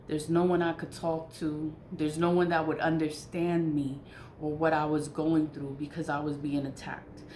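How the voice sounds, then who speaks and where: A woman with a low, grounded voice talks through her spiritual routines in a frank, emphatic way, laughing often and swearing in asides. The room echoes around her, with a faint hiss underneath. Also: flat delivery, normal speed, a little mellow. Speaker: spiritual vlogger. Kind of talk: casual spiritual monologue.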